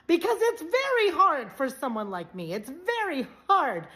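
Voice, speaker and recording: A woman's voice: sits high, wildly swooping pitch, fairly bright tone. A woman talking in an effusive, rambling way in a casual social media video. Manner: effusive, rambling, talks fast.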